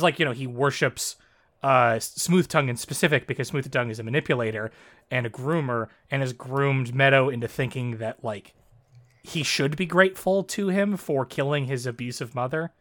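A man co-hosting a casual discussion of a fan story, talking in animated, frustrated bursts full of fillers. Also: mid-range voice, brisk. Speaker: podcast co-host.

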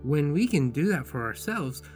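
Gentle, reflective male podcast host. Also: fairly high pitch, very animated, music in the background. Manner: gentle, unhurried, tender storytelling. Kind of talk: reflective personal podcast monologue.

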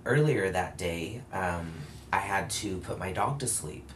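A man's voice: deep voice, lively intonation, a little slow, fairly bright tone, a little hiss or hum. A man in a candid, casual conversation, telling a long personal story with frequent fillers and self-corrections. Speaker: guest telling his story.

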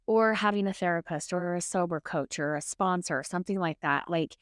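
A woman's voice: lowish voice, a little fast, no room sound, clean studio sound. A woman co-hosting a podcast, chatting casually and telling a personal story, acting out back-and-forth dialogue and often checking in with "right?". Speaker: podcast co-host. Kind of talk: casual chat.

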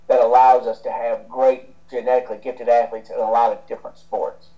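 A man's voice: mid-range voice, little pitch movement, a little fast, dark tone, low-quality recording. A man from the United States, a strength coach talking as a guest in a casual interview, rambling with many restarts and fillers.

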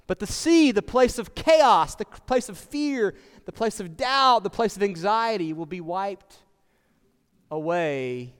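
High-voiced pastor preaching in a hall. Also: male voice, expressive, measured pace, clear, resonant tone. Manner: conversational, asks the congregation questions. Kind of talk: sermon.

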